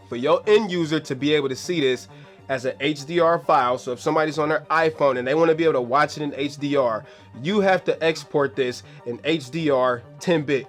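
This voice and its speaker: A man hosting a casual video editing tutorial, talking slangy and laid-back to his viewers while losing his voice. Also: on the high side. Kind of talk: casual screen-recorded tutorial.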